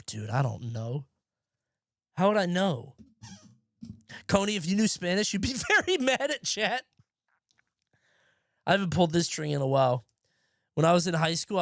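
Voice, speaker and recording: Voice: mid-range voice, no room sound, clean studio sound. A streamer in their thirties from the United States, chatting casually with live viewers in a rambling, profane way and laughing often.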